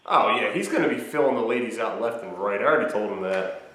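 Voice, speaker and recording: Young dad host, rambling and laughing, swears a lot, very echoey room. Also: male voice, on the low side, animated, fast talker, fairly bright tone. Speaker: host, new father. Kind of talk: casual family phone chat.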